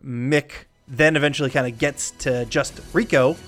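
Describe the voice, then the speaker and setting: A man co-hosting a podcast, recapping a film in casual chat, animated, with frequent laughs and rambling asides. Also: medium pitch, moderate pace, soft background music. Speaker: podcast co-host.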